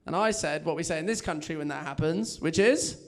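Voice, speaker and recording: A young English comedian with a slightly high voice delivers his stand-up set fairly quickly, poking fun at himself and chuckling at his own jokes in front of a live club audience.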